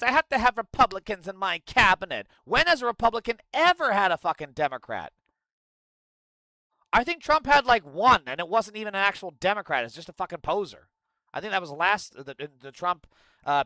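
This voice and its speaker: Bright, high-voiced man ranting profanely. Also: no room sound. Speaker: political streamer. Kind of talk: angry livestream commentary.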